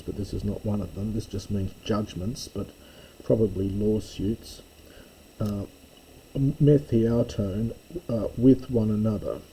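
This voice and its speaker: Man, teacher, low dark voice, slow unhurried explaining. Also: vocal fry, slight background noise, low-quality recording. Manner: unhurried, explaining word by word with fillers. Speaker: Greek teacher. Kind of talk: slow reading lesson.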